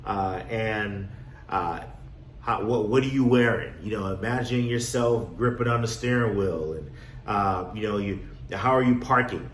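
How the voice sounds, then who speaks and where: A man coaching on real estate wholesaling in a casual motivational talk, acting out his own past with lively energy. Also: fairly low pitch, unhurried. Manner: animated storyteller, acts out his younger self. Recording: echoey room, faint background noise.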